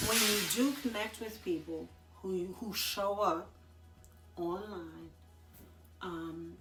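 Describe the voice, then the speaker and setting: A woman talking casually to the camera, giving business advice in a chatty, slangy and expressive way, laughing often. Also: medium pitch. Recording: echoey room.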